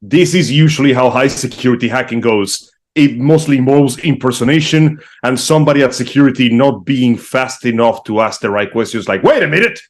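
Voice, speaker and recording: A man's voice: medium pitch, brisk, hardly any pauses. A man co-hosting a live online news chat show, joking and sarcastic. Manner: joking, sarcastic, acts out bits. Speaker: podcast co-host.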